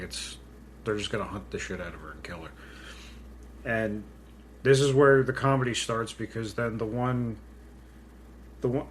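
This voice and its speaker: A man's voice: medium pitch, a little hiss or hum. A man co-hosting a podcast in casual chat, retelling movie scenes loosely and swearing freely. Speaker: podcast co-host.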